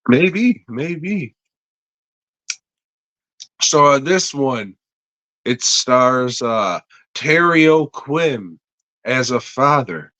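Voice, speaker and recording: Slow talking podcast guy, swears a lot, jokey, dry mic. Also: mid-range voice, animated, pushed and bright, dry recording. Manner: crude, joking, rambling. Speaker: podcast host. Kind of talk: casual episode review with ad read.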